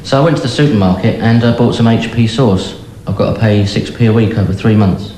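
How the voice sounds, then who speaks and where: An actor playing a patient who delivers deadpan one-liners. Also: male voice, on the low side, brisk, roomy sound, a little hiss or hum, lightly acted, rough recording. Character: deadpan joking male patient.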